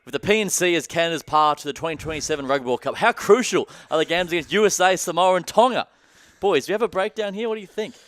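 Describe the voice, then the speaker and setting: An Australian man hosting a live rugby watch-along podcast, brisk and upbeat, keeps throwing questions to his co-hosts and guests. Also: high voice, fairly bright tone, no room sound. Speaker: podcast host.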